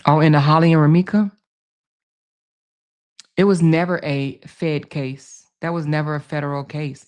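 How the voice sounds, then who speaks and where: A woman's voice: sits low, fairly even intonation, normal speed, darkish tone. A woman hosting a casual livestream, reading viewer comments and answering them, repeating her points for emphasis. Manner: emphatic, repeats phrases, calls viewers baby and honey. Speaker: livestream host.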